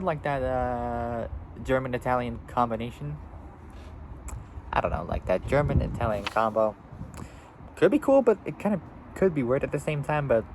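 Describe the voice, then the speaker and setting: A man's voice: medium pitch, a little hiss or hum, low-quality recording. A seventeen-year-old boy vlogging outdoors, rambling casually with lots of fillers and restarts. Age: teens. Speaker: YouTuber. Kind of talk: casual vlog.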